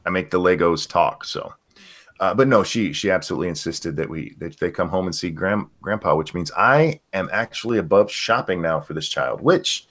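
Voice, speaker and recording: An older man hosts a relaxed livestream chat, telling stories peppered with profanity and jokes. He has a low voice with a fairly bright tone and talks at a normal speed.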